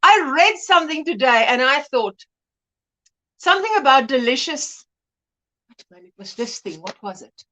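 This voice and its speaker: Greeting each viewer by name and laughing a lot, a woman chats on her livestream like a friendly host at her home setup. Her high voice swoops with bright expression and lively intonation, at a moderate pace with long pauses.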